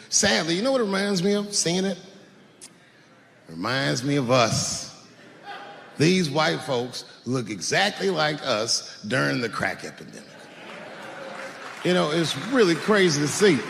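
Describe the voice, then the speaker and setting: Animated stand-up comedian, gravelly. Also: male voice, big-room sound, a little hiss or hum. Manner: storytelling, swings from low mutters to loud outbursts.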